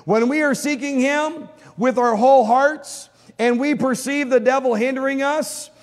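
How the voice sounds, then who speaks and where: A man's voice: very high-pitched, measured pace, long reverb tail. A man preaching a teaching sermon, talking conversationally and quizzing the congregation with questions. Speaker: pastor. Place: church.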